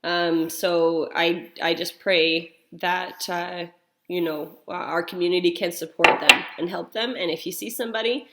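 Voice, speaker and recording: A woman's voice: on the low side, fairly even intonation, measured pace, fairly bright tone, slight background noise. A woman in her thirties or forties, a mother telling a family story and then leading a church prayer in a casual, rambling way with many fillers. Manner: chatty, rambling, full of fillers and restarts.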